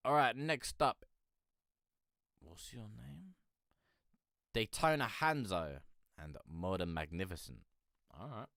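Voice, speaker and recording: A man's voice: on the low side, lively intonation, takes it slowly, pauses often, a bit bright, dry recording, clean studio sound. A man hosting a live music-review stream, rambling and hesitant as he gives casual feedback, sleepy and yawning, swearing now and then. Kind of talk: casual livestream commentary.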